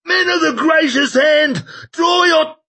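A man voicing a drunken, blustering old male mercenary with a husky, shrieking, drawn-out delivery. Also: very high voice, bright, forceful tone, shouting, voice pushed up, full character voice.

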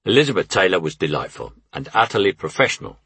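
Deep husky older man telling memoirs. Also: sing-song, fast talker, a bit bright, no echo. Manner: wry, anecdotal. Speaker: memoir narrator. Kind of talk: memoir audiobook narration.

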